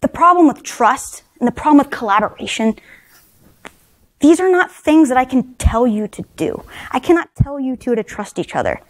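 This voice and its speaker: A woman in her thirties addressing a conference room full of people. She sounds fairly high-pitched and casual, constantly checking in with the audience with a quick "right?" and slipping in dry, self-deprecating jokes. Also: very animated. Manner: conversational, frequent "right?" tag questions. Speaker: conference speaker. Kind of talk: leadership talk to a live audience.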